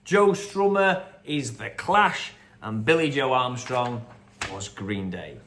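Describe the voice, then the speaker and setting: With slight background noise behind him, a quiz host of medium pitch reviews answers in an expressive, fairly bright voice. He rambles on chattily, using many fillers and doing rapid quote impressions.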